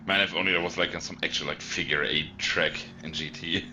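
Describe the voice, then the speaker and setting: A man chatting excitably with friends during an online race, laughing and shouting at crashes. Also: low voice, a little fast, background noise. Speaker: gaming guest. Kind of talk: casual gaming chat.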